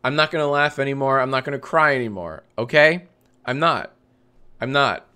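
A male streamer chatting casually on a live stream, reading out viewer comments between loose, rambling asides. He swears freely and keeps cracking up, with an ordinary mid-pitched voice. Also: normal speed, sharp tone, clean tone. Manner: swears freely, breaks into laughter, rambling restarts. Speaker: livestream host.

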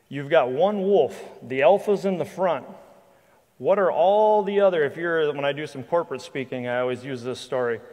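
A man with a slightly higher voice tells a hunting story to a church crowd in a lively, anecdotal way, often restarting his sentences. His voice carries a long reverb from the large hall around him. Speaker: guest speaker and hunting guide. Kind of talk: storytelling talk to a church audience. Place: church hall with live audience.

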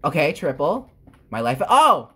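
A woman hosting gameplay commentary, excitable, with sudden squeals and exclamations. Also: low-pitched, unhurried, slightly rough. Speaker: gamer, channel host.

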